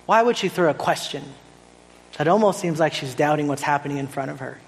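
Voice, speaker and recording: A man in his thirties preaching a sermon in a conversational, animated way, often asking "right?". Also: a little high, brisk, long reverb tail, low-quality recording. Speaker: pastor.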